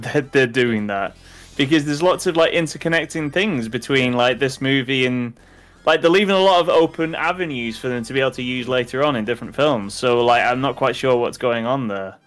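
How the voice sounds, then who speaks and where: A man's voice: medium pitch, moderate pace, fairly bright tone, faint music behind. A man from the UK chatting casually while playing a game, rambling with many fillers and restarts. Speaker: co-host. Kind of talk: casual chat over gameplay.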